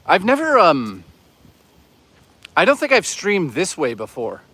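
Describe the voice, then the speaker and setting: A man's voice: sits high, wildly swooping pitch, unhurried, bright, forceful tone, husky. A man hosting a casual livestream outdoors on a hike, rambling and swearing as he chats with viewers. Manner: rambling, profane, chatty with viewers. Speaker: livestream host.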